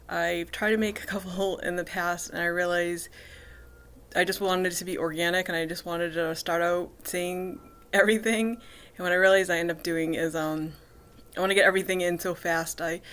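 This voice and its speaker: Woman vlogger in her thirties, lowish voice, stop-start cluttered delivery full of ums and restarts. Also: fairly bright tone, slight background noise. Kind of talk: casual personal vlog.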